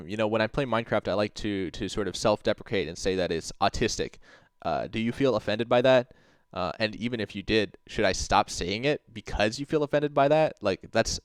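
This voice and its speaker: Hosting a laid-back livestream, this man rambles, scatters "like" through almost every phrase, and curses freely while reading and replying to chat. His voice is lowish and smooth, and the audio is dry and close without echo.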